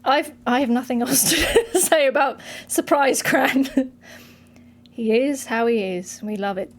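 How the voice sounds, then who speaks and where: A woman's voice: high-pitched, measured pace. A woman on a livestream playing a mock British talk-show host in a put-on British accent, mock-formal and giggly. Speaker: streamer. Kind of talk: comedic bit on a livestream.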